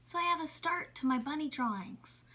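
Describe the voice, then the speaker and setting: A woman art teacher talks students through a casual drawing lesson. Her high, bright voice stays chatty and upbeat, softening now and then to a gentle coo. She records from a home basement studio. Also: expressive, moderate pace. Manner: chatty and upbeat, drops to a soft coo when speaking to the animal.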